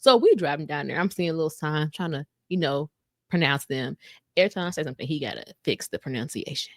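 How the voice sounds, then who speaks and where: Animated woman on a podcast, acts out quotes, dry close sound. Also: quick pace, no echo. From United States. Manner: animated, slangy, acts out quotes with big pitch jumps. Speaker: podcast co-host. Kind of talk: casual storytelling chat.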